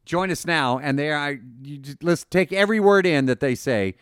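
A man's voice: a little high, lively intonation, normal speed, a bit bright, clear, resonant tone, no room sound, studio quality. A man hosting a podcast, talking casually and enthusiastically, often repeating and restarting words. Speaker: podcast host.

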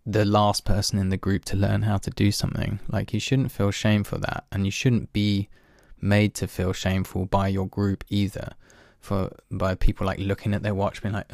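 A man's voice: fairly low pitch, completely flat delivery, normal speed, hardly any pauses, darkish tone, dry recording, studio quality. A man talking in a casual, reflective monologue, candid and self-deprecating, swearing now and then and laughing at himself.

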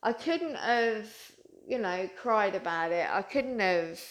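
A woman's voice: medium pitch, expressive, takes it slowly. Woman, spiritual vlogger, earnest, loose and repetitive delivery. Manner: earnest, rambling, repeats herself. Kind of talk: casual spiritual talk to viewers.

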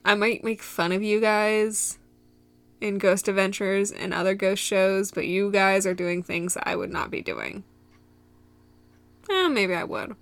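A young woman from Michigan hosts a solo podcast, recapping a show in a giggly, rambling style that wanders into tangents. Her mid-range voice is animated but measured in pace.

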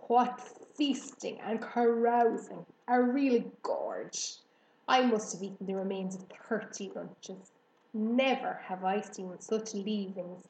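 A woman voicing a gluttonous, bloated male rat with a husky, hoarse voice. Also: medium pitch, darkish tone, roomy sound, lightly acted, low-quality recording. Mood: gloating.

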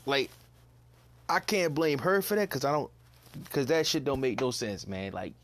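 A man's voice: mid-range voice, sing-song, normal speed. Blunt, exasperated young man ranting. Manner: blunt, exasperated, repeats himself, swears freely. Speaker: podcast host. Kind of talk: casual solo commentary.

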